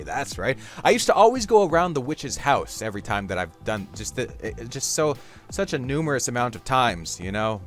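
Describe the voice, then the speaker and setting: Goofy, rambling gaming commentator, lively pitch. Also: male voice. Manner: goofy, rambling, talks to the viewer, sudden loud outbursts. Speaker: gaming YouTuber. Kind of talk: playful game commentary.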